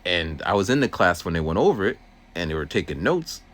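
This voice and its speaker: A man's voice: deep voice, very animated, fairly quick, a bit bright. A man who works as a teacher's aide, rambling through a casual story outdoors while walking and acting out voices. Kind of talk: casual walking vlog monologue.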